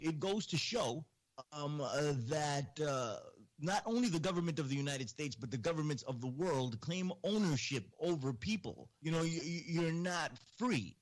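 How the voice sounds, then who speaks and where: A man talking as a guest on a casual talk show, earnest and indignant, often repeating himself. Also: a little high. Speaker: podcast guest. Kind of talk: casual chat.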